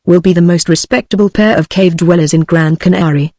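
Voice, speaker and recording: A woman's voice: lowish voice, brisk, no echo, studio quality, close to an everyday voice. A text-to-speech woman's voice with a British English accent, reading the lines of a cheerful man who is recovering from illness. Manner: even synthetic reading, no character voice.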